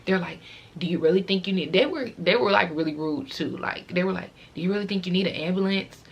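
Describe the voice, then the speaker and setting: A woman's voice: lowish voice, fast, gravelly, slightly rough, muffled recording. A teenage girl vlogger telling a casual, rambling storytime, fighting back tears as she talks.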